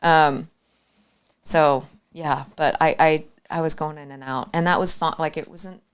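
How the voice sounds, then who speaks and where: Young woman guest chatting, lowish voice, smooth and clear, keeps restarting sentences. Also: fairly even intonation. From Arizona, USA. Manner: halting, many fillers and restarts. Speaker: guest actor. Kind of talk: casual interview chat.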